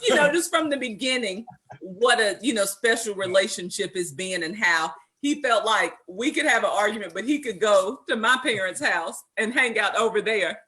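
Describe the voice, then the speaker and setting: A woman's voice: medium pitch, normal speed. A woman being interviewed with her husband, telling a family story and acting out the voices of the people in it. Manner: animated storyteller who quotes herself and others. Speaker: interview guest, wife. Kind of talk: conversational storytelling.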